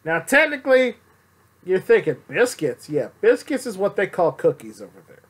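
Young man, casual gameplay commentary, playful rambling, lively pitch. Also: moderate pace, husky.

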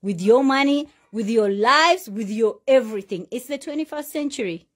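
A loud, confident woman in her forties talking casually and emphatically to her followers. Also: fairly high pitch, animated, moderate pace. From Uganda. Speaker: social media personality. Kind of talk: casual talk to camera, addressing followers.

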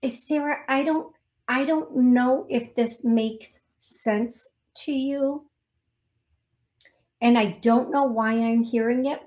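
A woman psychic medium giving a call-in reading on a radio show, speaking gently and calling the caller love. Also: on the high side. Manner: soft-spoken, affectionate, calls caller love. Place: radio studio.

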